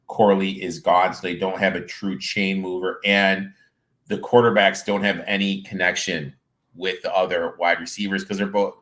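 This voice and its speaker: A man's voice: sits low, a bit bright. A man co-hosting a casual sports chat, talking steadily and analytically as he lists stats. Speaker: podcast co-host.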